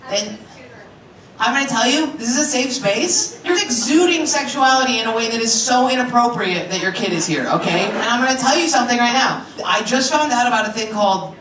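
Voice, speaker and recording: A woman doing a crude stand-up set, deadpan punchlines with shouted asides, on a comedy club stage. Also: a little high, brisk. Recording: echoey club from far off with loud crowd.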